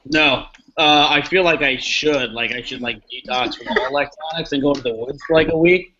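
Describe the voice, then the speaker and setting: Bright-voiced rambling man. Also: mid-range voice, brisk. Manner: rambling, self-deprecating. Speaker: guest. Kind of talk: casual chat. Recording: dull lo-fi audio.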